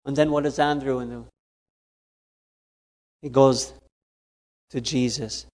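A man's voice: medium pitch, steady tone, takes it slowly, darkish tone. A man preaching a sermon, earnest and fond of repeated emphasis. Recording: long hall reverb.

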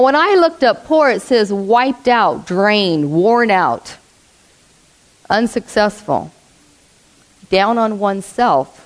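A woman preacher with a fairly high voice delivers a sermon to a congregation. She keeps asking the room questions and laughs easily between points. She tells her stories with acted-out voices. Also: low-quality recording. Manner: acts out quoted voices in a storytelling way.

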